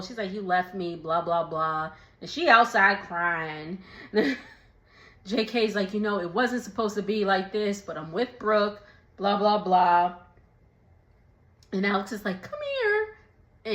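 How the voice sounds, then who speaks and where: A woman's voice: mid-range voice, reverberant. A woman casually recapping a reality show episode, laughing often and acting out the quotes. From Texas. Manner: laughs often, animated retelling with voiced quotes. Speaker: recap vlogger.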